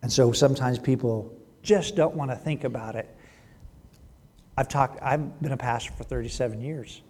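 A man's voice: medium pitch, moderate pace, darkish tone. A middle-aged man, a pastor, delivering a sermon with emphatic swells and drops in volume. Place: church sanctuary. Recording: long hall reverb.

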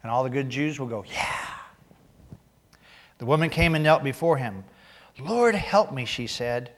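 A man preaching a sermon, reading scripture aloud and growing loud and emphatic as he drives points home. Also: medium pitch, brisk, long reverb tail. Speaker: pastor.

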